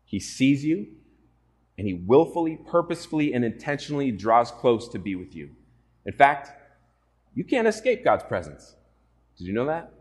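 An earnest male pastor preaching to his congregation at a middle pitch. He keeps turning to the room with direct questions. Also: big pitch swings, moderate pace, pauses often. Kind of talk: sermon.

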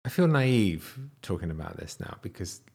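A man in his thirties casually telling a personal story, animated, sometimes dropping to a whisper. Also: normal speed, vocal fry, breathy edge. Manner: animated, wide swings in pitch and loudness, drops to whispers.

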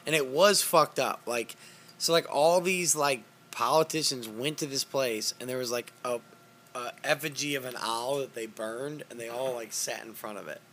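A man's voice: mid-range voice, normal speed, a bit bright, a little hiss or hum. A young man hosting a casual chat, profane and storytelling, often laughing. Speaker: podcast host.

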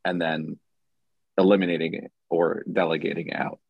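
A man hosting a podcast who calmly sums up his guest's points and asks follow-up questions. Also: low voice, normal speed, husky, dry recording, highs cut off. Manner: calm, summarizing, asks questions. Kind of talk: casual podcast conversation.

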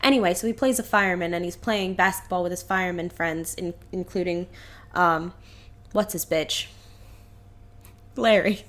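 A woman co-hosting a podcast, telling a story in animated casual chat and acting out the characters. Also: on the low side, normal speed, long pauses. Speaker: podcast co-host.

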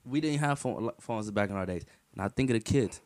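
Give me an animated young man chatting casually, full of slang and swearing. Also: fairly low pitch, moderate pace. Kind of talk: casual chat.

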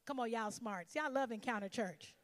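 A woman's voice: fairly high pitch, moderate pace, in a large hall. A woman pastor preaching a sermon, emphatic and calling out to her congregation for responses.

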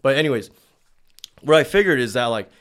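A man co-hosting a casual talk video, chatty and loose, with lots of "like" and a flat delivery. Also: medium pitch, a little fast. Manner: loose and chatty, heavy use of "like"; calls his own delivery monotone. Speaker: video co-host. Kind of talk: casual chat.

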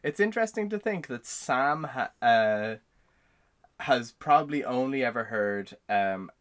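A man's voice: mid-range voice, animated, measured pace, a bit bright. A young man chatting casually as a podcast co-host, rambling with many fillers. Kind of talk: casual chat.

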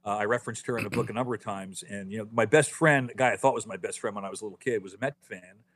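A man in his fifties, an author telling stories as a podcast guest, animated, with quick restarts and lots of "you know.". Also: on the low side. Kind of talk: casual podcast interview.

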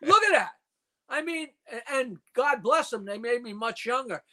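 A man's voice: extremely high pitch, animated, normal speed, pushed and bright. An older man in his seventies from New York, a comedian guest in a casual call-in chat, rattling off dirty jokes and stories.

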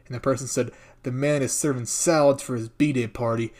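A man's voice: medium pitch, steady tone, brisk, darkish tone. Sarcastic rambling man riffing on news. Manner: sarcastic, rambling, laughs often. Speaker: podcast host reading news. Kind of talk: casual comedic commentary.

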